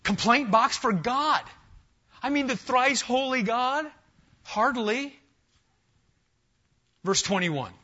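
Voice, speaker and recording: A man preaching an expository sermon to a congregation, animated and emphatic, firing rhetorical questions and talking straight to his listeners. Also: very high-pitched, takes it slowly, long pauses, dull audio. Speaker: pastor. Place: church sanctuary with a live congregation.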